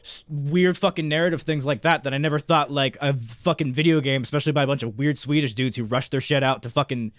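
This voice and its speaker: A man co-hosting a podcast, telling a long, excitable story in casual chat with constant swearing and restarts. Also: mid-range voice, quick pace, hardly any pauses, no room sound, clean studio sound. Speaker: podcast co-host.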